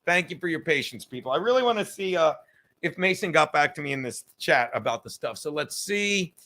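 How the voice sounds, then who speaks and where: Host, male, high bright voice, profane rambling livestream chatter, self-mocking. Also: expressive, brisk. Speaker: podcast host reading live chat. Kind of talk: casual crude livestream chat.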